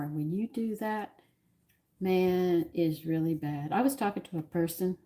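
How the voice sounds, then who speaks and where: In her sixties, this woman hosts a home cooking stream from her kitchen, greeting viewers and chatting in a rambling, opinionated way. Her voice sits lowish, unhurried and warm, in the easy manner of casual talk while cooking.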